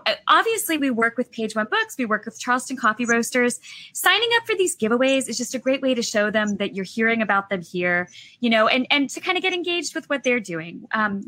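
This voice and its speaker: A woman co-host with a bright, clear voice and a lively pitch that swoops as she talks. She sounds playful and chatty, reading sponsor details with an easy, joking touch. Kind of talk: casual chat.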